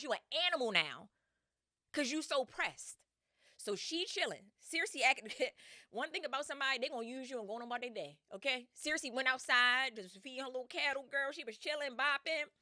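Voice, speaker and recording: Bright-voiced slangy woman telling a story. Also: sits high, dry recording, clean studio sound. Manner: slangy, animated, laughs often. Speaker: podcast host. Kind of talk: casual storytelling.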